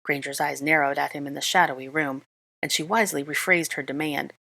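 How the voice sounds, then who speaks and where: A woman narrating a fan fiction story aloud in a calm, measured reading voice. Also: low voice, creaky. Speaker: reader.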